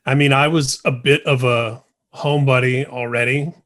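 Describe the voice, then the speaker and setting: Man from Indianapolis, average pitch, relaxed and self-deprecating interview guest. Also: moderate pace. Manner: friendly, easygoing, self-deprecating. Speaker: podcast guest. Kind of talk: casual interview chat.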